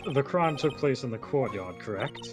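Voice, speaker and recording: A man reading a cool, precise male prosecutor in a game, questioning in a brisk, businesslike way. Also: medium pitch, expressive, over music, natural voice.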